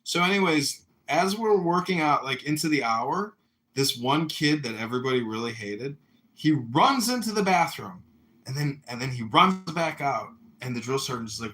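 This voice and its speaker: An American man telling a story in a casual chat, animated, acting out shouted voices. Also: mid-range voice, moderate pace. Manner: animated, acts out yelling voices in stories. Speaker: podcast host.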